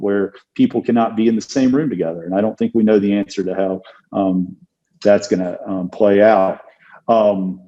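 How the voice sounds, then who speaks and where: A man with a low, mellow voice talks through an interview as a criminal defense attorney. He is measured and thoughtful and fills his pauses with ums and uhs. The sound is dull and lo-fi. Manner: measured, thoughtful, with many fillers. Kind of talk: casual interview talk.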